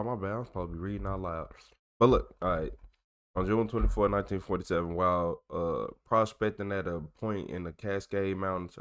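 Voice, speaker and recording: A man with a fairly low voice reads old reports aloud as a channel host. He stumbles on the longer words, corrects himself, and slips into loose, slangy joking between passages. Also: a bit bright. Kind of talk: casual commentary while reading documents aloud.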